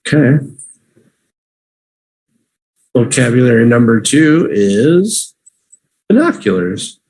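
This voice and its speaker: A man teaching English vocabulary on a livestream, repeating each word slowly for learners to say with him. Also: medium pitch, sing-song, a little mellow, a little hiss or hum. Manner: slow, drawn-out repetition for learners.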